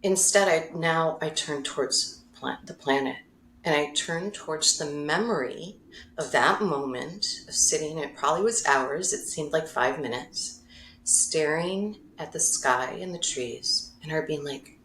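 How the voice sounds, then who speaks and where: A podcast guest and mindfulness facilitator tells a personal story with openness and emotion, frequently laughing and revising her words. Her low voice is measured and fairly bright, recorded with slight background noise in a roomy, echoing space.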